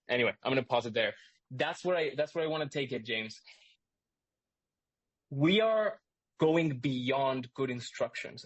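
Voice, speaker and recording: A man hosting a live online class, explaining excitedly with lots of restarts and asides. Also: mid-range voice, no echo. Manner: energetic, rambling, lots of restarts. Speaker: host and instructor. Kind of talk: live webinar teaching.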